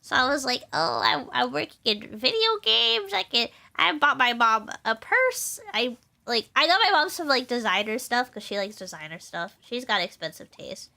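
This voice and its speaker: A woman's voice: a little high, big pitch swings, normal speed, creaky, bright, forceful tone. A young woman streaming, chatting casually in a rambling way, with lots of fillers and laughter. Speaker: VTuber streamer.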